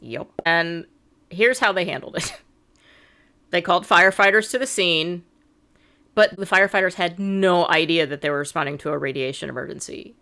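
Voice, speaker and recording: Middle-aged woman cohost, low bright voice, dry sarcastic explainer. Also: moderate pace. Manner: sarcastic, explains events step by step. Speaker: podcast co-host. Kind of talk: casual podcast chat.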